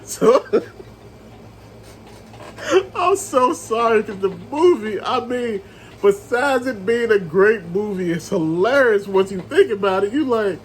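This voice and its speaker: A man reviewing a movie in a casual rant, retelling scenes with animated storytelling and calling his viewers family. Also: high-pitched, a little slow, slight background noise, rough recording.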